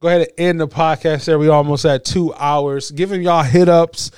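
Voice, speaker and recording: A man hosting a casual podcast, relaxed as he wraps the episode up. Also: fairly high pitch, moderate pace, clear, resonant tone, no room sound, clean studio sound. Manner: relaxed, wrapping up the show. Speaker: podcast host. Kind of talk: casual chat.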